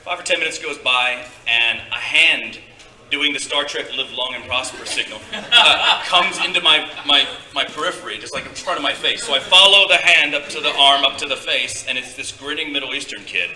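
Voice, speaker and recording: Storyteller, male, tense bright tone, heard from afar in an echoey hall. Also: medium pitch, moderate pace. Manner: rambling, hesitant with many fillers. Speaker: storyteller guest. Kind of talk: live stage storytelling. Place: convention stage before a live audience. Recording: echoey hall, distant mic.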